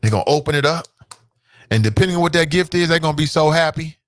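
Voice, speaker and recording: A man's voice: fast talker, fairly bright tone, no echo, clean studio sound. Emphatic, preachy male talk show host. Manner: emphatic and preachy, addressing listeners directly; loose and streetwise, with swings in pitch. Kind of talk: opinionated talk show monologue.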